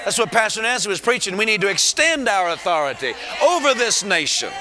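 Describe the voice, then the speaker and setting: A man preaching a sermon with fervor, crying out in praise and rising to shouts to drive points home. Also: high-pitched, sing-song, brisk, crowd noise. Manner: fervent, with exclamations of praise.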